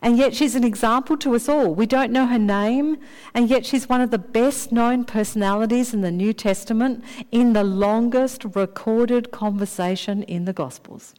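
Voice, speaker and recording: A woman with a fairly high voice delivers a sermon, unhurried and deliberate. She stretches out key phrases for emphasis. Her words ring with the long echo of a large hall. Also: darkish tone. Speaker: preacher.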